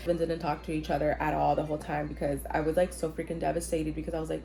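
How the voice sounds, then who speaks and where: A woman's voice: deep voice, steady tone, quick pace, gravelly, hardly any pauses, dark tone. A young woman vlogger telling a personal story in a casual, chatty way, full of "like" fillers and the odd swear word, acting out what people said. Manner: chatty, frequent "like" fillers, swearing, acts out quoted voices. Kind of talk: casual storytelling while getting ready.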